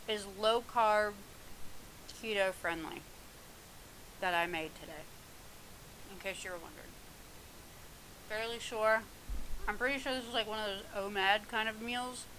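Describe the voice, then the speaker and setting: Bright-voiced chatty woman vlogging. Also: a little high, slight background noise, poor audio. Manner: chatty, rambling, many ums and laughs. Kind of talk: casual mukbang vlog chat. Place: home, alone in the house. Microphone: mic in front of her.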